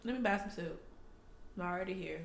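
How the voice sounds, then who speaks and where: A woman co-hosting a casual chat, telling a profane, animated story and acting out the people in it. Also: mid-range voice, a little fast, gravelly, roomy sound. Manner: animated, profane, acts out people in her stories.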